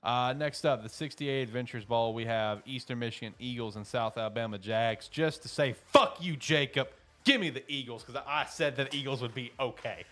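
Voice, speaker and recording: A man's voice: mid-range voice, brisk. Joking man picking football games. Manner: animated, joking, laughs often. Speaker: podcast co-host. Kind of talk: casual sports chat.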